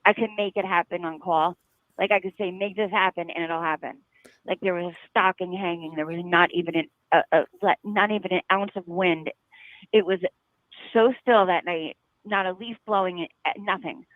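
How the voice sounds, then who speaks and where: A woman calls in over a thin, tinny phone line and speaks with a slight lisp after mouth surgery. She talks in quick, excited bursts and laughs often. The line is very dry. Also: fairly low pitch, no echo. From New Jersey. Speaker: caller. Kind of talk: call-in talk show.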